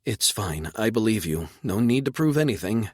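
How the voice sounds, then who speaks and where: A man's voice: lowish voice, very animated, normal speed, darkish tone, slightly rough, dry recording, studio quality, pitched above the performer's own voice. A man voicing a guarded, hurt young woman who answers curtly in an audiobook.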